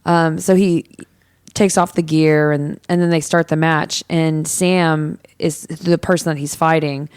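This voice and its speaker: A woman's voice: low-pitched, steady tone, measured pace, a little mellow, clear, resonant tone, no room sound, studio quality. A woman co-hosting a podcast, recapping a film scene in casual chat, with lots of ums and quoted lines. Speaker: podcast co-host.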